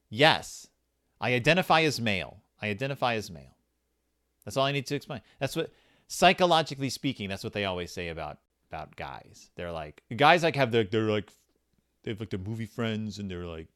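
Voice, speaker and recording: A man's voice: on the low side, fairly bright tone. Rambling, self-deprecating comic man. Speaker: comedy podcast host. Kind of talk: comic monologue answering questions from a children's book.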